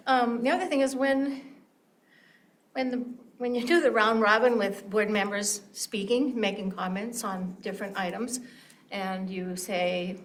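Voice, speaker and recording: A woman's voice: medium pitch, fairly even intonation, measured pace. An older woman, a longtime township resident, delivering a pointed, complaining public comment and mimicking how others phrase things. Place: township meeting room.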